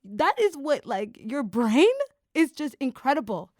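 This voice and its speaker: A woman's voice: sits high, unhurried, dry recording, studio quality. A woman hosting a podcast in casual chat, talking in enthusiastic bursts with lots of fillers. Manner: animated, enthusiastic, talks in bursts with many fillers. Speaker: podcast host.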